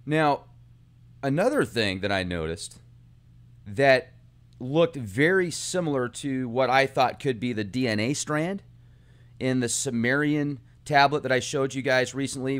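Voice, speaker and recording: A man hosting his own video channel, talking through a film's symbolism in an earnest, animated monologue. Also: mid-range voice, clean tone. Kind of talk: casual monologue analysis.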